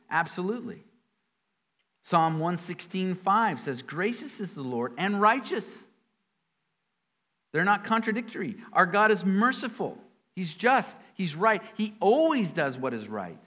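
A man preaching a sermon in an animated way, with sudden emphatic jumps and folksy asides among his scripture readings. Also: on the high side. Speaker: pastor.

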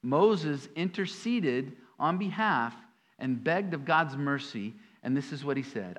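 A male pastor delivering a sermon with a voice a bit higher than most men's. He works through scripture with sudden emphatic bursts, then drops into folksy, chatty asides. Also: animated, slow, a bit bright.

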